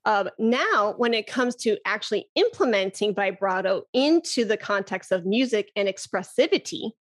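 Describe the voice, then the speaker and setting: A woman flute teacher, a guest in a casual interview, who talks with enthusiasm, laughs easily and demonstrates breathy "ha" sounds. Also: mid-range voice, expressive, normal speed.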